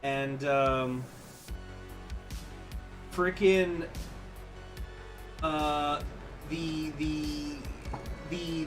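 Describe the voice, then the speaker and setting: A man chatting casually on a game stream, rambling, swearing, and animatedly retelling what he has been reading. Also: a little high. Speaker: gaming streamer. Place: home room.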